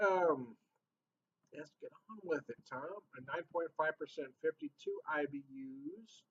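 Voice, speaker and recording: A man's voice: fairly high pitch, moderate pace, fairly bright tone, slightly rough. A middle-aged man hosting a casual beer review vlog, jokey and rambling, laughing often at himself. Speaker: beer reviewer and channel host. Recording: dull lo-fi sound.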